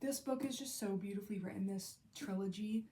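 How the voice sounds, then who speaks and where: A woman's voice: medium pitch, brisk, mellow. A young woman vlogging about books she loves, gushing and emotional, full of "like" and half-finished sentences. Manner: gushing, emotional, lots of fillers. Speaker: book vlogger. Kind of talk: casual book review monologue.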